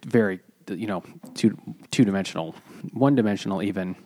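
A man's voice: lowish voice, fairly quick, mellow. A man co-hosting a casual book podcast, talking hesitantly with many fillers. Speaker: podcast co-host. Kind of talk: casual chat.

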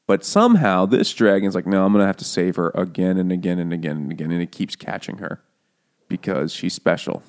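A man's voice: on the low side, darkish tone. A man casually and sarcastically retelling a fantasy novel's plot, swearing and briefly acting out the characters. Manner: sarcastic, profane, acts out characters in quick voices. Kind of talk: casual comedic book recap.

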